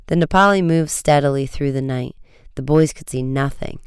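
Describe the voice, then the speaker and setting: A man narrating a storybook chapter in a steady, measured reading. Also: on the high side, clear, resonant tone, dry recording, clean studio sound. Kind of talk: audiobook reading.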